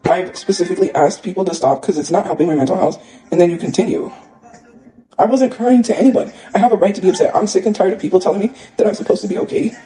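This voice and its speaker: Man, high voice, quick rambling speech, mellow tone, upset livestream rant. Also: poor audio. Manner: upset, rambling, repeats himself with many fillers.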